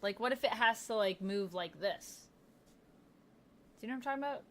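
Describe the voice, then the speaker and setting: A woman's voice: mid-range voice, brisk, fairly bright tone. A woman hosting a casual tabletop game stream over a video call, laughing often and trailing off with fillers.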